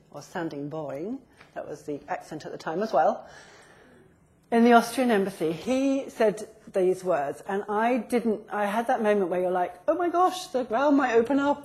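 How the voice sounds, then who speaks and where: A middle-aged woman giving a live business communication talk, acting out little example conversations and laughing often. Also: medium pitch. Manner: lively, acts out example dialogues, laughs often.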